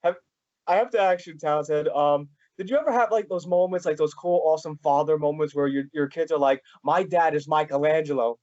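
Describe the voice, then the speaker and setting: A man's voice: on the high side, fairly quick, mellow. A young man hosting an interview, eager and rambling with many fillers. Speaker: podcast host. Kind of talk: casual interview chat. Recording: dull lo-fi sound.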